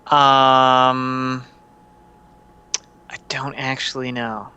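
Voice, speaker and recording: A man's voice: mid-range voice, little pitch movement, very slow, bright, forceful tone, smooth, muffled recording. A man taking part as a player in a tabletop game, talking in a dry, matter-of-fact way.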